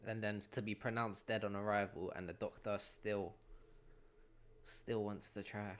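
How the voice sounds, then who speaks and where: A man hosting a reaction video, commenting on the story in brief, relaxed remarks. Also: lowish voice, measured pace.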